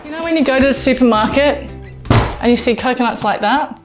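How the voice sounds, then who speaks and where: With music playing beneath her, a high-pitched Australian woman briskly hosts a casual home-kitchen cooking demo, chatty, enthusiastic, and frequently exclaiming.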